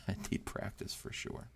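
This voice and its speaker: A man's voice: a little slow, in a whisper. A man chatting casually as he draws, thinking aloud and poking fun at his own attempts. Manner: thinks aloud, unsure and self-deprecating. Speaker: amateur artist hosting a drawing channel. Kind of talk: casual rambling while drawing.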